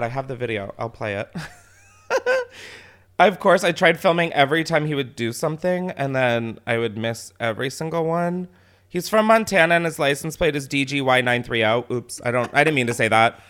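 Animated man telling a story. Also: fairly high pitch, moderate pace. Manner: animated, swears often, laughs while telling. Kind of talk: casual storytelling chat.

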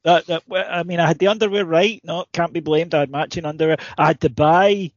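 A man's voice: on the high side, steady tone, brisk, no echo. Male podcast co-host, rambling and sweary, dry slightly dull recording. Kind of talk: casual chat.

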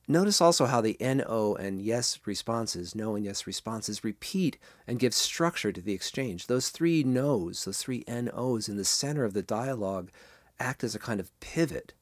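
A man hosting a podcast, reading short-story passages and analyzing them in a measured way. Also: on the low side, expressive, dry recording, studio quality. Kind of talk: literary reading and commentary.

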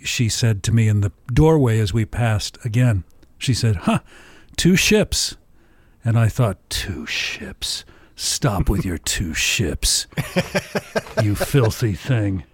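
A man's voice: medium pitch, darkish tone, no echo. A man co-hosting a podcast, telling a personal story in a casual, dry joking way. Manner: anecdotal, dry joking delivery. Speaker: podcast co-host.

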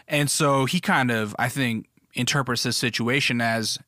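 A man spinning a casual, rambling anecdote, peppered with filler words, asides and cheerful profanity. His voice is bright and forward, in an ordinary middle pitch, and the recording is close and dry with no room sound. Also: steady tone, moderate pace, few pauses, no room sound. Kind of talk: casual storytelling.

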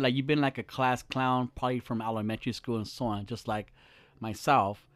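A man's voice: medium pitch, normal speed, fairly bright tone, no room sound. A young man hosting a podcast, chatting casually, joking and swearing freely in a small studio. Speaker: podcast host.

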